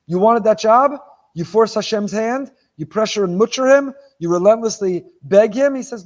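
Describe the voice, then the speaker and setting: A man's voice: sits high, moderate pace. A rabbi giving a sermon on the weekly Torah portion. He asks rhetorical questions, stacks phrases for emphasis, and mixes Hebrew terms into his English. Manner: animated, repeats phrases for emphasis.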